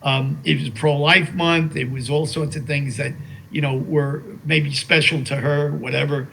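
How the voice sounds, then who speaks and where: An older man talks in an interview with a slightly raised pitch, remembering his late wife with emotion. He pauses and restarts often, filling gaps with hesitations. When he reads aloud he slows into a reverent pace. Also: level tone, gravelly, bright, forceful tone, a little hiss or hum, low-quality recording. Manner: halting, with many fillers and restarts; slow and reverent while reading a poem aloud. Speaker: interview guest.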